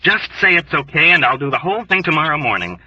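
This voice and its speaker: A man voicing a hotheaded young airman who talks in a rough, quavering, overwrought and pugnacious way. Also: fairly high pitch, very animated, fast talker, sharp tone, dry recording, far from the mic, highs cut off, pitched above the performer's own voice, heavily acted. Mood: agitated. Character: frantic sneezing young male airman, hotheaded. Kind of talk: audiobook character voice.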